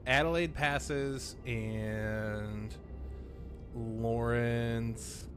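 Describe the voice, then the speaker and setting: A man running a tabletop game as game master, narrating casually with frequent pauses and fillers. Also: mid-range voice, steady tone, faint music behind. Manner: casual, hesitant with many ums.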